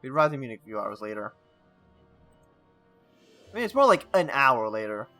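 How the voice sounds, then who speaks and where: A man's voice: mid-range voice, very animated, moderate pace, pushed and bright, soft background music. A man playing a story game, reading its text aloud with stumbles and breaking off into casual asides. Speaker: gaming channel host.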